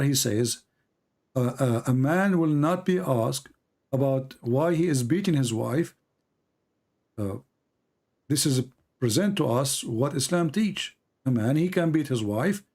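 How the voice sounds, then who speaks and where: Male debate host on a live stream, mid-pitched, combative, hammers questions and reads quotes deliberately. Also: animated, darkish tone. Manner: argumentative, presses with repeated questions.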